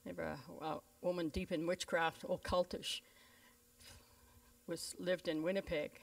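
A woman's voice: fairly low pitch, normal speed, gravelly. A woman pastor, telling stories in a sermon and acting out the voices of the people in them. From Canada. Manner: lively storyteller who voices the people in her stories. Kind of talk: storytelling sermon. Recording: voice a bit distant from the mic.

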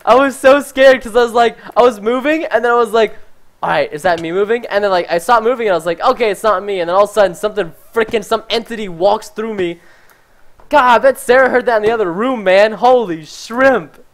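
A man giving chatty, excitable live commentary while playing a game, talking to his viewers and easily startled. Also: high voice, fast talker. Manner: talks to chat and viewers. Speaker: gaming livestreamer.

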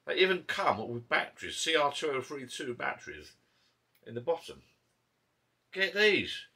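Having a beer in his garden pub shed, a vlogger from Essex, England, chats in his Essex English accent, rambling and stopping mid-thought, captured by a camera mic. He speaks at normal speed in a mid-range voice with big pitch swings, pushed, bright and slightly rough.

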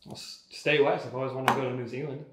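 A man's voice: mid-range voice, steady tone, fast talker, reverberant, heavy background noise. A man on the show's crew who gives short, laconic replies in casual chat.

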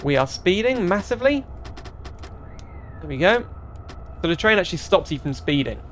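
A man with a slightly raised voice talks his way through a train driving game in chatty let's-play commentary. He thinks aloud as he drives and breaks into excited exclamations. A faint hum sits under his voice. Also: high-pitched, moderate pace. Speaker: gaming channel host.

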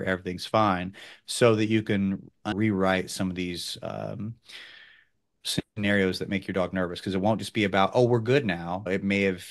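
Male dog trainer, thirties, low voice, animated instructional talk. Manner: animated, bursts into loud quoted outbursts.

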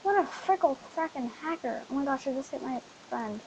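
A fairly high-voiced woman chatting her way through a video game, excitable and quick to exclaim. She comes through a dull, lo-fi mic with a faint hiss underneath. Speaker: host. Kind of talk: casual gameplay commentary.

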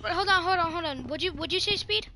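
A woman's voice: very high voice, quick pace, pushed and bright, slight background noise. A young woman chatting casually while playing a horror game, jumpy and slangy, shrieking when scared. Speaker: gamer. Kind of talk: casual gaming chat.

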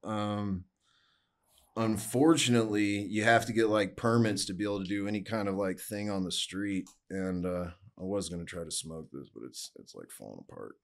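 A man's voice: lowish voice, normal speed. A man, a guest musician, casually telling rambling stories and swearing freely. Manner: laid-back, rambling, swears freely, acts out quotes. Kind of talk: casual storytelling.

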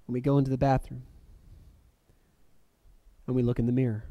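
A man preaching a reflective sermon, letting phrases fall soft and then lifting sharply for emphasis. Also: mid-range voice, little pitch movement, brisk, dry recording. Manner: reflective, with soft dropping phrase ends and sudden lifts.

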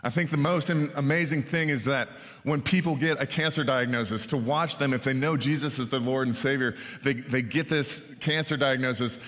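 A man with a medium-pitched, fairly bright voice preaches a conversational sermon, regularly checking in with the congregation with "right?" The church sanctuary where he speaks gives the recording a long reverb.

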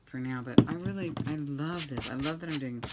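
Her voice sitting low and moving a little fast, a middle-aged craft vlogger rambles casually while painting in her home craft room, joking at her own expense and now and then whispering an aside. With the window open, loud crafting noise (sanding, rubbing, clicking) runs behind her.

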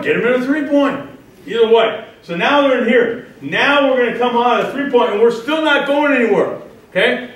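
Coach talking in a very echoey gym. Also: male voice, very high voice, a bit bright. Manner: frequent "okay?" check-ins, calls out drill cues. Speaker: football defensive line coach. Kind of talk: coaching clinic demonstration. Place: indoor training facility with a wall. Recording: echoey indoor space, mic held far off.

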